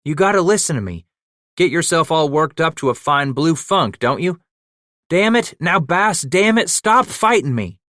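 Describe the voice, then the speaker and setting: A man doing a high, urgent young trapper. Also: very animated, normal speed, a bit bright, dry recording, studio quality. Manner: urgent, pleading, frontier dialect. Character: eager young male fur trapper, earnest.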